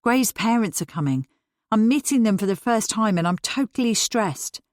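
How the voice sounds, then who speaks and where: A woman reading a stressed, snappy woman in a story, with sharp, exasperated lines. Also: on the high side, animated, moderate pace, no room sound, clean studio sound, lightly acted.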